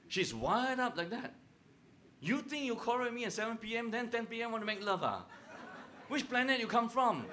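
With slight background noise, a middle-aged pastor with a fairly high voice preaches a humorous sermon. He is animated, joking with and teasing his audience and asking the crowd questions.

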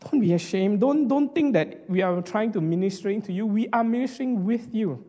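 A man preaching an emotional sermon as a pastor, earnest and halting, often restarting his sentences. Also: sits high, dark tone, long reverb tail. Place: hall.

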